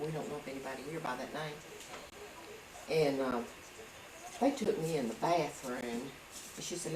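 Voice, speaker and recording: A woman with a low voice tells a long, rambling story casually, acting out the dialogue she quotes. The home video is roomy and recorded from a distance, with background noise.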